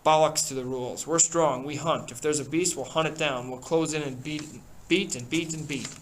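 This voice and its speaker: A man's voice: on the high side, fairly even intonation, normal speed, a little hiss or hum, natural voice. A man voicing an aggressive, contemptuous boy hunter while reading a novel aloud. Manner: shouting, contemptuous.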